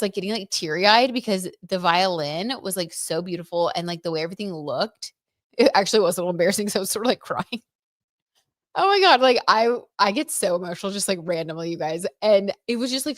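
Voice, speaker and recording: A young woman chats through a tarot livestream, gushing and filling her talk with "like" as she reads out viewer comments. Her voice sits a little low for a woman. The sound is close and dry, with no room echo. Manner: chatty, gushing, many "like"s and "oh my God"s. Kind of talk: casual livestream chat with tarot reading.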